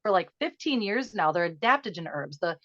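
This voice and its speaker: A woman's voice: lowish voice, sing-song, fairly bright tone, no echo. Earnest woman guest on a dull, dry line. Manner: earnest, emotional, talks in quick bursts. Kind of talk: conversational interview, guided breathing.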